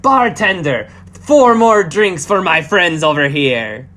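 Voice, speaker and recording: A man voicing a flamboyant, boastful man in a multicolored outfit, loud and chummy. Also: sits high, big pitch swings, measured pace, slight background noise, voice pushed up, full character voice.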